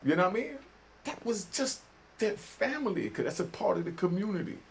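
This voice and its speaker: A man's voice: high-pitched, sing-song, brisk, vocal fry, slight background noise. An older man from New York giving casual commentary, talking in preachy street slang and often asking "you know what I mean?". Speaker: vlogger.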